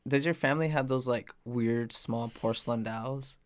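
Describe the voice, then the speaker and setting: A man co-hosting a casual podcast, chiming in with quick reactions and laughter. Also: mid-range voice, fairly even intonation. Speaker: podcast co-host. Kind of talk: casual chat.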